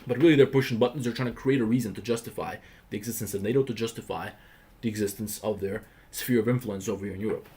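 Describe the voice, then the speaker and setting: A man's voice: lowish voice, quick pace, dark tone. A man from the Balkans hosting a livestream, answering viewer questions in a blunt, profane, emphatic rant. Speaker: livestream host.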